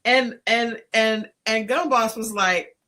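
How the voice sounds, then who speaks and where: A woman co-hosting a casual podcast, telling a story in an animated way, laughing often and acting out what people said. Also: a little high, takes it slowly. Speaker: podcast co-host.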